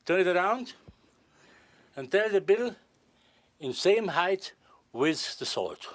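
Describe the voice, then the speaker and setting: Older male stage magician, animated and teasing, slightly high voice, faint room noise. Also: takes it slowly. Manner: playful, courtly and joking with volunteers. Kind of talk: live magic performance patter.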